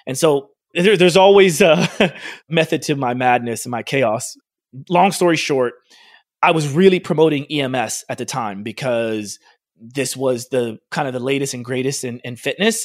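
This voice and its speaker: Here the same kind of speaker, a man who owns a fitness studio and trains clients, animatedly recounts something from his life, acting out quoted lines and dropping "like" constantly. He has a medium-pitched voice, and the recording is dry.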